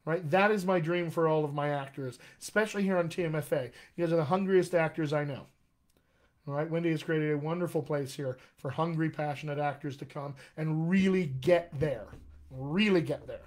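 A man's voice: a little high, brisk, a little mellow. A man coaching actors on accents in a live online session, enthusiastic and encouraging, talking straight to his viewers. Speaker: dialect coach. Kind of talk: live-streamed coaching talk. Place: home room, live video stream.

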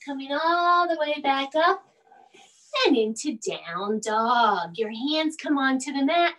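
Woman kids' yoga teacher, high and unhurried, gentle coaxing delivery, recorded from a distance. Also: lively intonation. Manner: soothing, slow and coaxing, with playful animal sounds. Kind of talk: gentle bedtime yoga instruction.

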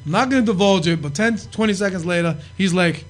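A middle-aged man tells rowdy stories at a quick clip. His voice sits high for a man, and he swears freely as he acts out what others said. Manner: profane, animated storyteller acting out quotes. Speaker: podcast guest. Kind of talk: casual storytelling.

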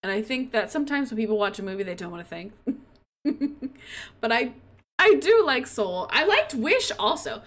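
A woman's voice: fairly high pitch, very animated, normal speed. A woman streamer giving chatty, rambling commentary while playing a life-sim game. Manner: chatty, rambling, full of "like" and laughter. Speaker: gaming streamer. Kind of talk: casual let's-play commentary.

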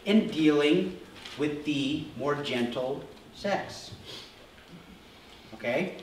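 A middle-aged pastor preaches in a loose, storytelling way, slipping into the voices of his family with a grin. His voice sits a touch high for a man and rings through a very echoey church room. He is picked up from some distance, with a faint hiss underneath. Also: expressive, extremely slow, long pauses. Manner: storytelling, acts out quoted family dialogue with humor. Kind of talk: conversational sermon. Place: church sanctuary.

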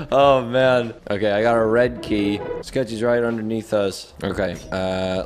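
A man giving jokey let's play commentary as he plays, excitable and talking straight to his viewers. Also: lowish voice. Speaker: gaming YouTuber.

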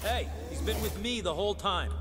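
An actor playing a hurried male survivor urging others along. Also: high voice, lively intonation, a bit bright, soft background music. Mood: urgent.

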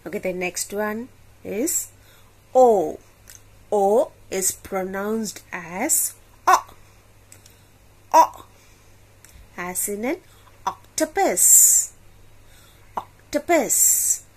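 Slow, husky woman teaching phonics. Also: medium pitch, animated. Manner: slow, drawn-out, repeating each sound. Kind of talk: phonics lesson for children.

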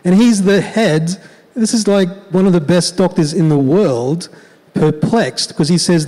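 A man preaches in a conversational, animated way, telling a story. His voice sits a little high. Long reverb from the hall trails after his words. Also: measured pace. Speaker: pastor. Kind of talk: sermon storytelling.

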